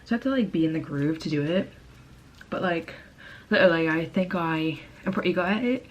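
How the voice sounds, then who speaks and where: This beauty vlogger, a young American woman, rambles and giggles through a makeup tutorial filmed at home, self-mocking and leaning heavily on "like". She talks fast in a low-leaning voice, with slight background noise.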